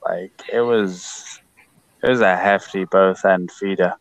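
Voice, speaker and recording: A man co-hosting a casual group podcast over voice chat, making crude jokes and quick reactions. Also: low voice, steady tone, no echo, rough recording. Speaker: podcast co-host.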